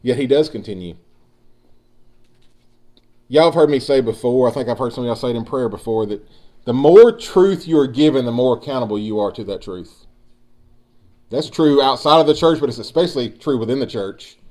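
A man's voice: medium pitch, lively intonation, normal speed, long pauses, a little mellow. A man preaching a sermon, building emphasis and speaking directly to his congregation. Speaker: pastor.

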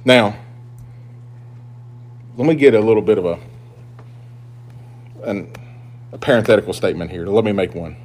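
A man's voice: fairly low pitch, normal speed, pauses often. Emphatic preacher man. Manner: emphatic preaching, swinging between loud and hushed. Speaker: pastor. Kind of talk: sermon.

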